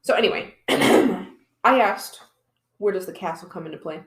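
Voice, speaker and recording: A woman co-hosting a casual podcast, telling a history story in a playful, animated way. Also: mid-range voice, moderate pace, roomy sound.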